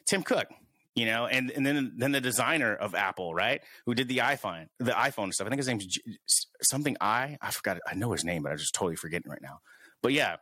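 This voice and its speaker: A man's voice: mid-range voice, animated, fast talker, bright, forceful tone, dry recording. A man hosting a casual podcast, thinking aloud with many restarts. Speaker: podcast host.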